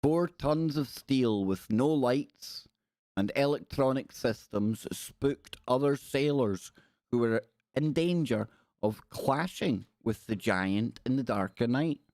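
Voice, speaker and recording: A man's voice: medium pitch, expressive, slow, a little mellow, dry recording. Jokey man hosting a dry-sounding livestream. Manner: jokey, playful asides. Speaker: livestream host. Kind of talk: casual livestream chat, reading aloud and riffing.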